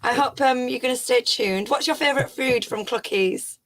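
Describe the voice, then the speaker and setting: A woman's voice: a little high, normal speed, fairly bright tone. A woman co-hosting a live radio show, chatting casually and teasing callers with an easy laugh. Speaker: radio co-host.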